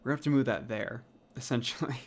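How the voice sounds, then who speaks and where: Speaking fast in a mid-range voice, a man constructs a language while thinking aloud. He mutters, swears, and sounds out his invented words over and over.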